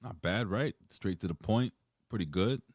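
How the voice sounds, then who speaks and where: A man's voice: on the low side, normal speed, a little mellow, no echo, clean studio sound. A man co-hosting a wrestling review podcast, bantering bluntly with plenty of profanity. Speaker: wrestling show co-host. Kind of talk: casual podcast chat.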